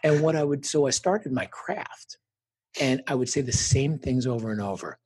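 A middle-aged man speaking as an interview guest, earnest and reflective, telling personal stories and lively when quoting others. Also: mid-range voice, moderate pace, breathy edge. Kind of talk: conversational interview storytelling.

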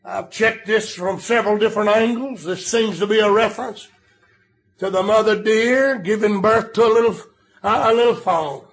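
Older male preacher, high voice, storytelling sermon that swells into shouted emphasis. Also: moderate pace, vocal fry.

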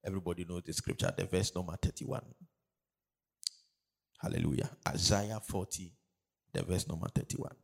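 A man's voice: low voice, fairly even intonation, moderate pace, creaky, pauses often, husky. Male pastor, call-and-response preaching. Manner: call-and-response, repeating phrases, building to loud emphatic preaching. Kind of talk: sermon.

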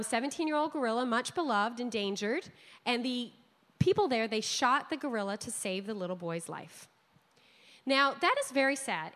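A woman delivers a sermon in a chatty, emphatic way, her voice sitting a little high. Long reverb from a large hall trails behind her words. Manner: conversational, animated, emphatic. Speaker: preacher.

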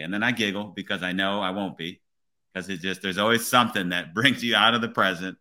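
A police officer hosting a podcast, talking in an earnest, motivational way and often checking in with "right?". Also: male voice, fairly low pitch, quick pace, sharp tone. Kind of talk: casual podcast conversation.

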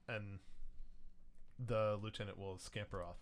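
A man narrating a tabletop role-playing game as game master, in a slow, drawn-out delivery full of fillers. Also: mid-range voice, expressive, fairly bright tone.

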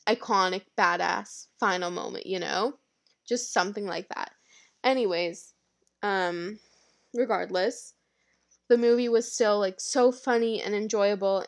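A young woman talks on her own podcast in a loose, gushing way. She rambles, restarts her sentences and fills them with "like", with a mid-range voice. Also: medium pitch. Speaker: podcast host. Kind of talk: casual movie review chat.

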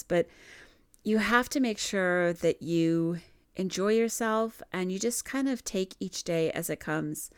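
A woman's voice: sits low, gravelly, clear, resonant tone. A woman from Minnesota hosting a podcast, telling personal stories in a chatty, laughing way. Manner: chatty, laughing often, frequent "like" fillers. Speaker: podcast host. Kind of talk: casual spiritual storytelling.

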